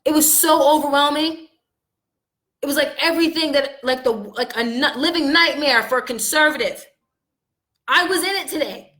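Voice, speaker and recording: A woman vlogger talking straight to her viewers in a heated, venting monologue, upset and angry, her voice swinging from loud outbursts to quiet, low lines. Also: normal speed. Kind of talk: casual monologue to camera.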